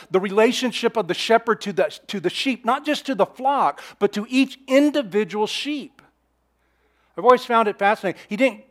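A man preaching a sermon in an earnest, repetitive style, swinging between emphatic declarations and hushed asides. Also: high-pitched. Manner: repeats phrases and restarts mid-sentence. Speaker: pastor.

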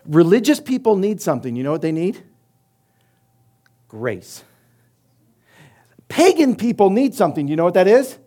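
A middle-aged male pastor preaching a sermon, emphatic, using rhetorical questions and swinging between loud and soft delivery. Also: high-pitched, big pitch swings, normal speed, pauses often.

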